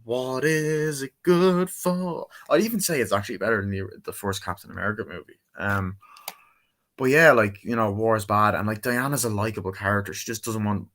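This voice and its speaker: Rambling man with a lowish voice. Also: fast talker, bright, forceful tone. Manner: rambling, loose, full of fillers and acted-out quotes; casual swearing. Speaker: movie reviewer. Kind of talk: casual spoken movie review.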